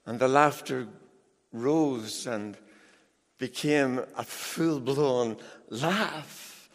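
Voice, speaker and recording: A middle-aged man preaches to his congregation with emphatic, animated delivery and quick asides. He talks at an unhurried, measured pace, his voice sitting in an ordinary middle register. Long reverb from the large church hall trails behind every phrase. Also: mid-range voice. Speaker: pastor. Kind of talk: sermon.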